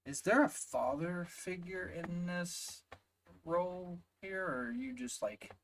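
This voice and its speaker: Southern guy ranting slow and heated, cussing, leaning hard on each word. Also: high-pitched, slight background noise, rough recording. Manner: heated, emphatic, swears often, drawn-out stresses. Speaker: reaction video host. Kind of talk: ranting reaction commentary.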